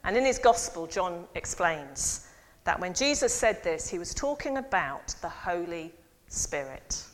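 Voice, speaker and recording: A woman priest giving a lively sermon and involving her congregation. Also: mid-range voice. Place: church. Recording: long church reverb.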